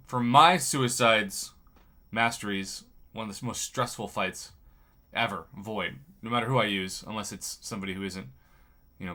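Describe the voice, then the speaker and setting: Groggy after a bad night's sleep, a man hosting a video gives casual commentary over game footage. He explains the plays in an analytical, upbeat way, his lowish voice pushed and bright.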